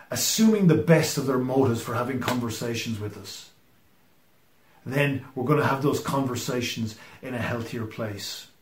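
Earnest man preaching in an echoey room. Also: medium pitch. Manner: earnest and emphatic, often dropping to a hushed close. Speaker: pastor. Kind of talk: sermon.

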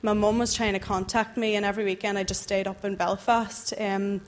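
Young woman, church testimony, earnest, halting, emotional, mid-pitched voice. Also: flat delivery. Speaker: church member giving testimony. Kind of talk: personal testimony to a congregation.

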